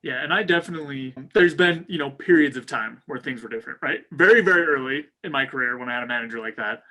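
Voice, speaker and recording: Male co-host, mid pitch, bright and tense tone, relaxed chatty delivery. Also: fast talker. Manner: relaxed, lots of fillers, tells stories from his own work life. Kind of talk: casual chat.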